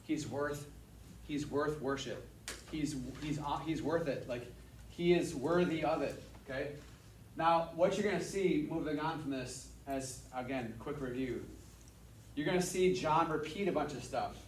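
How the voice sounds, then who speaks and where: A man giving a casual Bible lesson to a class, energetic and repeating his points for emphasis. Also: on the high side, unhurried, a little hiss or hum. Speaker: Bible teacher. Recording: echoey room, mic at a distance.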